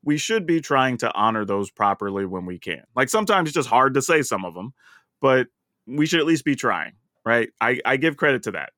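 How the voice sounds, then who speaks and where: A man with a Southern US accent talks through a casual podcast chat, his pitch swinging widely as he tells a story. He sounds chatty and often laughs mid-thought. The recording is dry and close, with no room echo. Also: big pitch swings, brisk, sharp tone. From American South. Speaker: podcast co-host.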